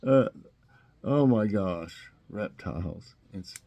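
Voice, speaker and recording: A man's voice: on the low side, animated, takes it slowly, creaky, warm tone, lo-fi sound. A middle-aged man with a Southern US accent hosts a casual trivia break, taking his time over every word. He laughs at his own jokes and pokes fun at the wrong answers. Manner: joking, chuckling, acts out silly answers. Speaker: host.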